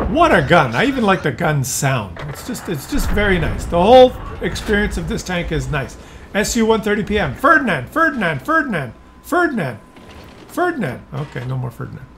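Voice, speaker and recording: Excitable man commentating a tank game. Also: fairly high pitch, normal speed, a little hiss or hum. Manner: excitable, cheering on players. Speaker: gameplay commentator. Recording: loud game sounds under the voice. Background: tank engines and gunfire from the game.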